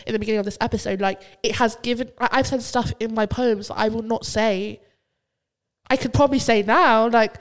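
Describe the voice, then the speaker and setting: A woman's voice: fairly high pitch, brisk. A woman, a poet chatting animatedly as a podcast guest. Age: 20s. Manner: animated and expressive, mock-quoting others. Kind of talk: casual chat.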